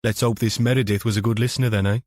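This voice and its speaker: A man voicing a gruff, blunt male detective inspector with a crude, sardonic manner in an audiobook. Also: fairly low pitch, steady tone, very fast, darkish tone, no room sound, clean studio sound, natural voice.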